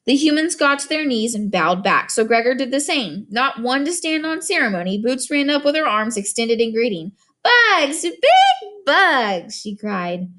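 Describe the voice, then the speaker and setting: A woman narrating an audiobook in an expressive storytelling manner, doing voices for each character. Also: a little high, a little fast, hardly any pauses.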